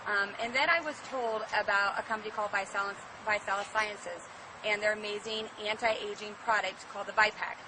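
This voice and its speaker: A woman's voice: medium pitch, fairly even intonation, brisk. A woman telling a sincere personal testimonial in a plain-spoken way. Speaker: customer giving a testimonial. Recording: distant mic with noisy outdoor ambience.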